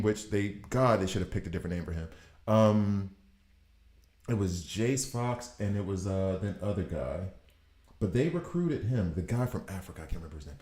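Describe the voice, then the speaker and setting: A man in his thirties talks through a game in casual commentary. He riffs in an animated, exasperated way, and his fairly low voice carries a roomy echo. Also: normal speed. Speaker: gaming video host.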